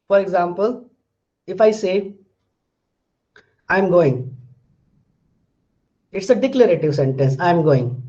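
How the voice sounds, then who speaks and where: Male lecturer, higher pitch, patient and repetitive, muffled lo-fi recording. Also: mellow. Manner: explains patiently, repeating phrases and examples. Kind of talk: university phonetics lecture.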